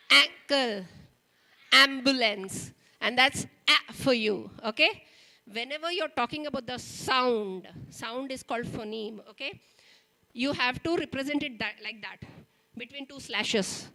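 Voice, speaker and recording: High bright Indian English teacher trainer. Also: female voice. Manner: emphatic, stresses sounds, checks in with "okay?". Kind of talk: storytelling workshop demonstration. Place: school training hall.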